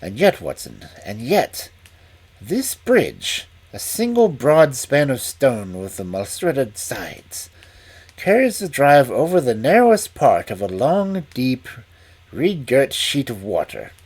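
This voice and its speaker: A man reading aloud and voicing a calm, shrewd Victorian male detective who speaks in a dry, deliberate way. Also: medium pitch, slightly rough, full character voice. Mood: measured.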